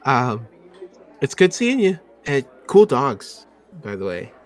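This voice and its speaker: Man playing an awkward nervous guy, stammering, hesitant, pitch jumping around. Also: wildly swooping pitch, takes it slowly, faint music behind. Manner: stammering, hesitant, many fillers.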